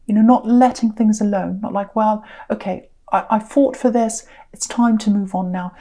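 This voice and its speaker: Woman tarot reader, rambling casual chat, soft mellow tone, fairly high voice, gentle advice. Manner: chatty, rambling, many ums and restarts. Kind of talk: casual spoken tarot reading.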